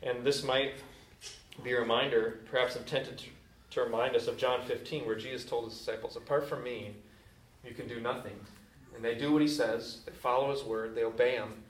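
A man's voice: mid-range voice, steady tone, fairly quick. A man preaching a sermon as a pastor, telling a story in a casual, conversational way. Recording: echoey room from a distant mic.

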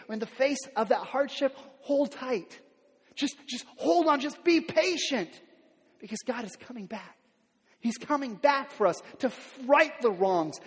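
A middle-aged man, a pastor, preaching a sermon in a conversational way, repeating words and building to loud emphatic peaks. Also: very high voice, breathy edge. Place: church sanctuary. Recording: long hall reverb.

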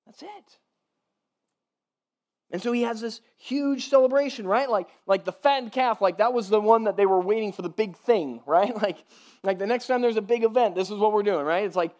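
A man preaching a sermon in a loose, conversational way, often asking "right?" and softening his voice when he voices the father. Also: sits high. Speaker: pastor.

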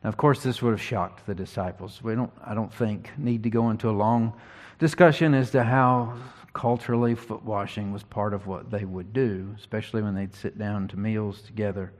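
A man preaching an expository sermon, teaching earnestly and reading scripture slowly with emphasis. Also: on the low side, steady tone, darkish tone.

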